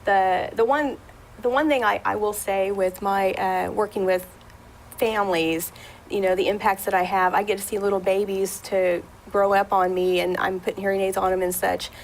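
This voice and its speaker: A woman's voice: medium pitch, normal speed, slight background noise, low-quality recording. Chatty woman audiologist on local TV. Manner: chatty, with many fillers and restarts; animated when retelling a story. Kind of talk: guest on a local talk show.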